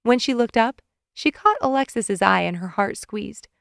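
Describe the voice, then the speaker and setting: Calm woman narrating, dry close sound. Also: fairly high pitch, normal speed, gravelly, no echo. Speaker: audiobook narrator. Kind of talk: scripted romance narration.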